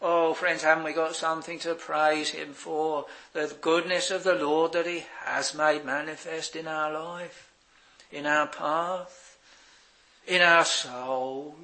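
A man preaching a sermon, slow and halting with many fillers, swelling on exclamations and fading very soft at phrase ends. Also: on the high side, steady tone, poor audio.

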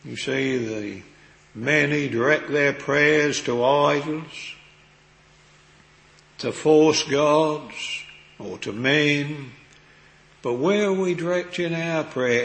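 A man's voice: on the high side, fairly bright tone. A man preaching a sermon in an earnest, old-fashioned manner, quoting scripture, recorded in a chapel. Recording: echoey hall with long reverb.

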